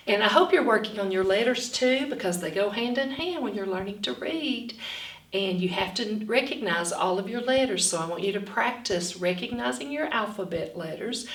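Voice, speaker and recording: A woman's voice: a little high, lively intonation, measured pace, far from the mic. A woman teaching children a phonics lesson, encouraging and stretching out each letter sound. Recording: echoey room, voice away from the mic.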